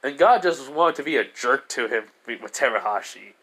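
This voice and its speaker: A man's voice: mid-range voice, expressive, moderate pace, sharp tone. A man retells a fan story in a loose, casual way. He rambles, stops and restarts, and laughs often along the way.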